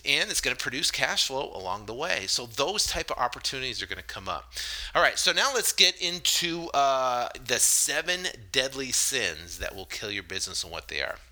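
A man hosting a solo podcast, delivering an energetic, salesy pitch with frequent fillers. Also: normal speed, rough recording. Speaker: podcast host.

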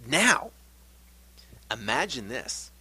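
A middle-aged man hosting a podcast, giving an energetic, animated pep talk. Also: medium pitch, extremely slow, slightly rough. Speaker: podcast host.

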